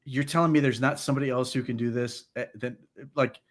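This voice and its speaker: A man co-hosting a sports podcast, talking football in casual chat, animated and incredulous, often stammering into restarts. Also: mid-range voice, fast.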